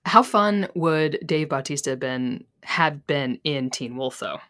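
Low-voiced woman podcast co-host, wry. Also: animated, slow, a bit bright. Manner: wry, joking asides. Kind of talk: casual chat, recapping a TV episode.

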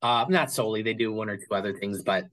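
A man's voice: lowish voice, fast, a bit bright, low-quality recording. A man speaking as an interview guest about his collection, talking casually and rambling with many fillers and restarts.

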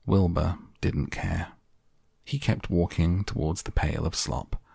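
Male sleep-audiobook reader: low, husky, unhurried. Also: no echo, clean studio sound. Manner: slow, soft and even. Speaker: podcast reader. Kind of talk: calm audiobook narration for sleep.

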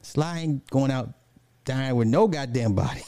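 A male live streamer talks loosely to his viewers, reading comments and launching into animated rants. He laughs often and swears without a second thought. His voice is warm and mellow, and it sounds dry and close. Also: mid-range voice, measured pace, no room sound.

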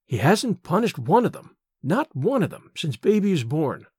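A man reading an audiobook, voicing a gentle young woman who gushes happily over her new baby in a raised, eager voice. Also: normal speed, husky, no room sound, studio quality, full character voice. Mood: happy. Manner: high, gushing, excited.

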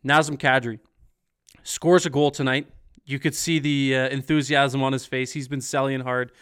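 A man's voice: medium pitch, level tone, moderate pace, a bit bright, clear, resonant tone. Chatty male stream host. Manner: upbeat, chatty, reads out viewer comments. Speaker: podcast host. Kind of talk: casual post-game sports chat.

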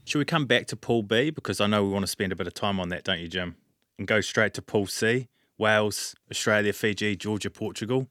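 A man hosting a casual sports podcast, briskly steering the talk with questions. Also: fairly low pitch, a bit bright, no room sound, clean studio sound. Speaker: podcast host, moderator.

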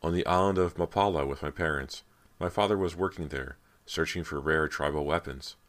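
A man's voice: extremely low pitch, brisk, a bit bright. A man voicing a frightened teenage boy in an audiobook, pleading and strained. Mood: calm. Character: frightened teenage boy, desperate then calm.

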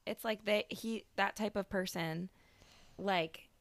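A woman's voice: mid-range voice, steady tone, takes it slowly, gravelly, crowd noise. A woman co-hosting a podcast, giving blunt opinions and thinking aloud in casual chat. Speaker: podcast co-host.

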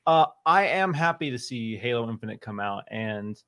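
A man's voice: medium pitch, lively intonation, moderate pace, a bit bright. A man co-hosting a live gaming show, talking emphatically and repeating phrases for effect. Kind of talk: casual live-stream chat.

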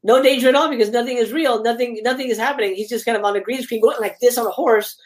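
A woman's voice: a little high, fast talker. A woman guest on a casual movie talk stream who speaks bluntly and swears freely.

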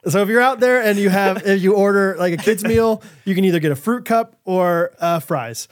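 A man co-hosting a podcast, ranting casually in an animated way. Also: high voice, normal speed. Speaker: podcast co-host. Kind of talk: casual chat.

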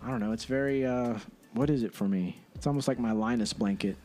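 A man in his thirties from Texas telling animated stories in casual chat, swearing freely. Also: medium pitch, fairly quick, soft background music. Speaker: podcast guest.

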